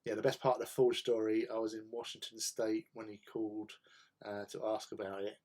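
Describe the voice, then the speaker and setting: A man hosting a casual hobby livestream, chatting in a relaxed way and answering viewers' chat while he paints. He often repeats words as he thinks. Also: lowish voice, brisk. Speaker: livestream host.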